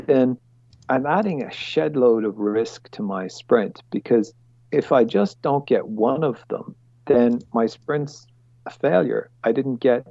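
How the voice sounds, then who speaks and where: Blunt guy running a team video call, gravelly voice, swears a lot, dull lo-fi audio. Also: mid-range voice, animated, measured pace, warm tone, dry recording. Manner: blunt, swears freely, rambles into rants. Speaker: product owner leading a team meeting. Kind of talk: casual meeting explanation. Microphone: computer mic on a video call.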